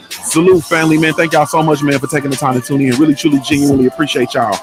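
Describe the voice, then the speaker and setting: A man from Ohio hosting a casual boxing talk stream, with loose, repetitive, slangy delivery and shout-outs. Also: on the high side, quick pace, over music. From Ohio, USA. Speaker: boxing show host.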